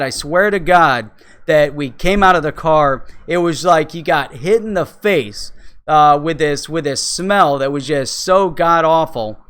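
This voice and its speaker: Male host, slightly high smooth voice, rambling anecdote delivery. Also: a little slow, a bit bright. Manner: rambling, many fillers and restarts. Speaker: crypto show host. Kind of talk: casual storytelling.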